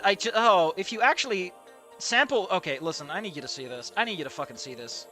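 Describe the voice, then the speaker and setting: Excitable bright-voiced male streamer. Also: high voice, quick pace, faint music behind. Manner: excitable, swings between loud outbursts and muttering, swears a lot. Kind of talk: live reaction commentary.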